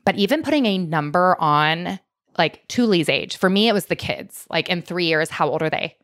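Woman, 30s, podcast host; earnest, chatty delivery, slightly low voice, dry. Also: lively intonation, normal speed, a bit bright, no room sound. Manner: earnest, heartfelt, chatty with many "like"s. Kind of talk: casual conversational interview.

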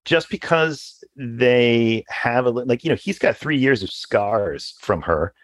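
A man's voice: medium pitch, expressive, measured pace, dry recording. A man co-hosting a podcast, chatting casually in an easygoing, agreeable way. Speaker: podcast co-host.

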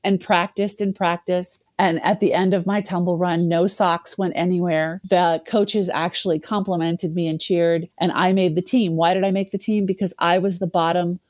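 A woman's voice: on the low side, fairly even intonation, moderate pace, hardly any pauses, darkish tone, no room sound, studio quality. A woman in her fifties, a guest telling a candid, self-deprecating personal story and laughing at herself.

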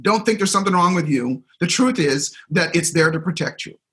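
Bright, energetic middle-aged man. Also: a little high, brisk, poor audio. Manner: energetic, acts out quotes and crowd reactions. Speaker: guest speaker, seminar trainer. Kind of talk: animated storytelling in a conversation.

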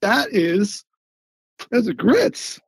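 A man's voice: sits high, huge pitch swings, drawn-out words, creaky, slightly rough, no echo, clean studio sound, voice pushed up, full character voice. A man voicing a brusque but kindly middle-aged Southern cafeteria lady with a Southern accent, who drawls and talks in a motherly way. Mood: coaxing. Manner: drawling, motherly, calls people child.

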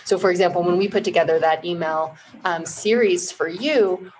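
A woman with a fairly low voice, speaking as an interview guest. She explains her points in a measured, teacherly way and builds them from concrete examples. A faint noise sits under her voice. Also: a little mellow, low-quality recording. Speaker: marketing agency founder, guest. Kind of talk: casual interview chat.

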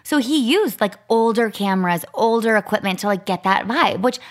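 A woman's voice: medium pitch, expressive, normal speed. Chatty woman in her thirties. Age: 30s. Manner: chatty, lots of "like" fillers. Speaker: podcast co-host. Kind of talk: casual storytelling chat.

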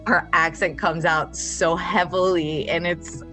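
A woman shares stories about a close friend in a documentary interview, animated and quick to act out exchanges. Her voice sits a little low, with faint music underneath. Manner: animated storyteller, acts out quotes.

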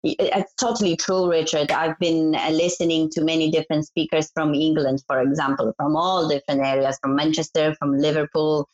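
A woman's voice: sits low, steady tone, fairly quick, few pauses, a little mellow. A woman guest in a casual interview, giving earnest advice and laughing easily. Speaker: guest, events business founder. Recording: dull lo-fi audio.

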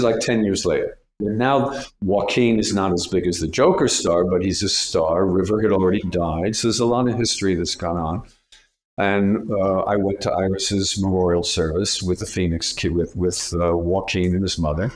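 An older man tells stories in a very low, deep voice. He is a retired casting director who acts out other people's lines as he goes. The tone is that of a relaxed interview. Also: normal speed. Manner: anecdotal, acts out quoted voices. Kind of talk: storytelling interview.

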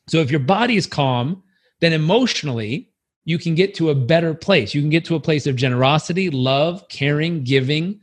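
A man giving a motivational talk, animated and acting out little scenes in other voices. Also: a little high, moderate pace, breathy edge. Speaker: motivational speaker.

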